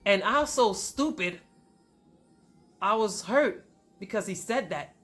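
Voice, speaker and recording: A woman's voice: medium pitch, lively intonation, slow pace, long pauses, a bit bright, soft background music. A woman vlogger telling a personal relationship story straight to her viewers, with emphasis.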